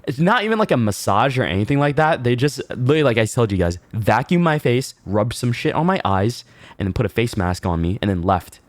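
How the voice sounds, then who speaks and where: A man streaming, telling a story in casual chat, animated and laughing, swearing freely with many fillers. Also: medium pitch, brisk, no echo.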